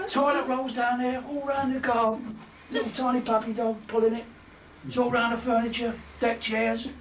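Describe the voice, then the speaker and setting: An older man telling comic stories to a live party crowd in a chatty, teasing, animated way. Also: very high-pitched, normal speed, slight background noise. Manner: chatty, teasing, animated anecdotes with many asides. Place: party hall. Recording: echoey room, distant mic, loud crowd laughter.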